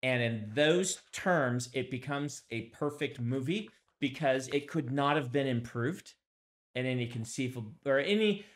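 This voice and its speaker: A man in casual podcast conversation. He thinks aloud as he goes, with many pauses and small hesitations. His voice sits at an ordinary, middle pitch. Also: animated. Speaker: podcast co-host, author.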